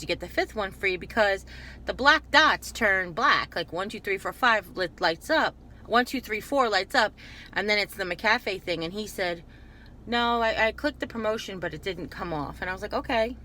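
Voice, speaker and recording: A woman vlogger chatting through a store haul in a loose, digressive way, cutting herself off and circling back. Her voice is bright and sits at an ordinary pitch. A faint background noise runs under the recording. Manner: chatty, digressive, self-interrupting. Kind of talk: casual rambling haul video.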